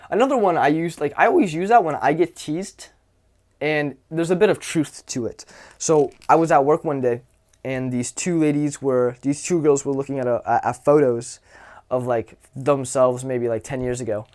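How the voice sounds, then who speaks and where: A man's voice: mid-range voice, darkish tone. A young man giving casual social advice, loose and profane, acting out little anecdotes with quoted voices. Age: young adult. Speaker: social skills coach.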